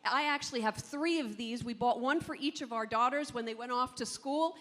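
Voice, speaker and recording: A woman from New Jersey competing as an auctioneer, rattling off rapid rhythmic bid calls and pitching items to the room. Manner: rapid rhythmic bid calling, rising loud. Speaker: auctioneer contestant. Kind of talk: auction chant and sales pitch. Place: large convention hall. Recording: long hall reverb.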